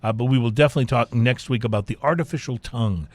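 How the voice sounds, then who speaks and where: A man hosting a casual whisky-tasting talk show, speaking in a halting way with many fillers and restarts. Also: medium pitch, no echo. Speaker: podcast host. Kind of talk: casual chat.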